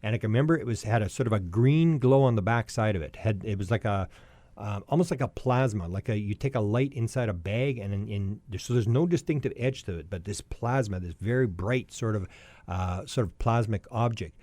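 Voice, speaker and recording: A man in his sixties telling a long personal story as a podcast guest, lively and anecdotal, often restarting his sentences. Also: fairly low pitch, a little fast, no room sound. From Canada.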